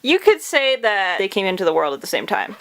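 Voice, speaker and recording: A woman's voice: medium pitch, sing-song, a little fast, gravelly, heavy background noise. A young woman from Atlantic Canada chatting casually to camera at home about her toy collection, bubbly and full of slang.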